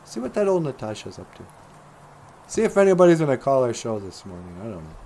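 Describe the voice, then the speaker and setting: A man's voice: mid-range voice, big pitch swings, fast talker, mellow, slight background noise. A middle-aged man hosting a livestream show, rambling casually and joking, chuckling at his own asides.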